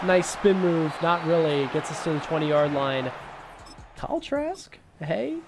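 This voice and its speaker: A young man giving casual, excitable commentary over a football video game, swinging between hype and grumbling. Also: on the high side, normal speed. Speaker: gaming YouTuber. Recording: noisy background.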